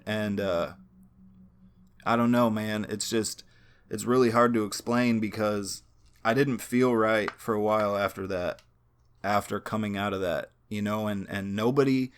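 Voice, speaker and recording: Young man rambling in a low voice. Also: a bit bright, smooth. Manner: rambling, full of fillers and swearing; earnest, searching for words. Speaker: vlogger. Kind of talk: casual personal storytelling.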